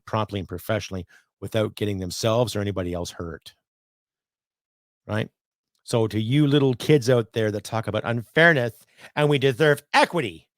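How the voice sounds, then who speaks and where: A man's voice: on the low side, no room sound, clean studio sound. A man in his fifties hosting a solo podcast, ranting bluntly with profanity and sarcasm. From Canada. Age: 50s. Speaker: podcast host.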